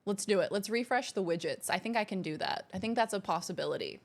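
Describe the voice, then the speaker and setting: A livestream host speaks with an expressive, gravelly mid-range voice. In her home streaming room she chats casually and reads viewer messages aloud, gushing and bubbly, exclaiming at the slightest prompt.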